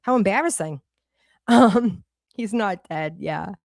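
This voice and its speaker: A woman in her forties with a Boston accent, tearing into someone on a livestream with blunt, profane commentary. Her voice sits at a middling pitch and is recorded close and dry, with no room sound. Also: lively intonation, slow, gravelly, a little mellow, no room sound. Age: 40s. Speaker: livestream co-host. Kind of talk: heated casual commentary.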